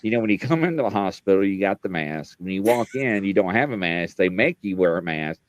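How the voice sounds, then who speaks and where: A man's voice: low voice, lively intonation, a little fast, no echo. A man co-hosting a podcast in casual chat, a rambling storyteller who laughs at himself. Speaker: podcast co-host.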